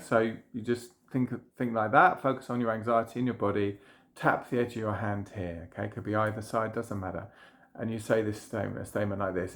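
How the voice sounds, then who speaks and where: Gravelly man guiding a tapping exercise. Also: fairly low pitch. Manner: gentle, repetitive guided phrases. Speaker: trauma healing practitioner. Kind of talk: guided tapping demonstration.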